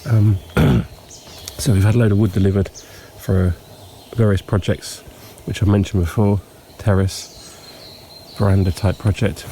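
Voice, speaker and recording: A man's lowish voice narrates a laid-back dawn walking tour of a countryside yard; he's a homestead vlogger suffering from hay fever, so he sniffles and clears his throat. He takes his time, pausing often and saying um. The recording picks up faint outdoor noise with birds and insects.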